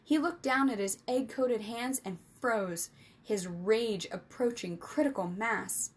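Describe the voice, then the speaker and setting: A woman reading an adventure storybook aloud as the storyteller, with lively, expressive narration. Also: on the high side, takes it slowly, breathy edge.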